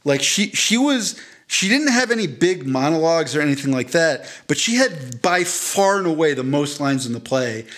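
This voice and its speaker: A man's voice: on the high side, animated, moderate pace, few pauses, a bit bright. A man casually telling a long, self-deprecating story on a podcast, rambling with many restarts. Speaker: podcast co-host.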